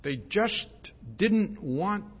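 A man's voice: high voice, expressive, very slow, slightly rough. A man preaching a verse-by-verse sermon, often ending points with "see?" and restarting his phrases. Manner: frequent "see?" tags, repetitions and restarts. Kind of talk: expository sermon. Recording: dull lo-fi recording.

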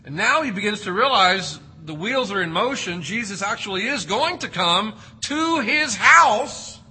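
A man's voice: high-pitched, animated, unhurried, bright, forceful tone, slightly rough, rough recording. A man preaching an expository sermon, reading scripture and explaining it with emphatic, varied delivery. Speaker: pastor.

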